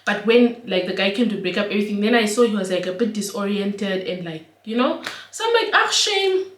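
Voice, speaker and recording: A young woman, telling an animated, slangy storytime for her vlog. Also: medium pitch, fairly quick, a little hiss or hum. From Namibia. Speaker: vlogger. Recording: roomy echo.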